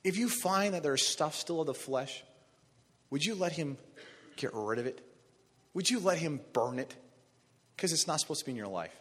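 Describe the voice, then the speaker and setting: A man preaching a sermon, animated, acting out voices of biblical figures. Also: fairly high pitch, normal speed, pauses often, breathy edge, in a large hall. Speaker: pastor.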